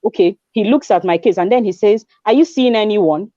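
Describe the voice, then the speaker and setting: A woman in her twenties with a Nigerian accent, telling her story in an animated way as a guest, acting out dialogue and mixing in pidgin. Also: mid-range voice, a little fast, no echo, lo-fi sound. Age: 20s. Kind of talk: conversational testimony.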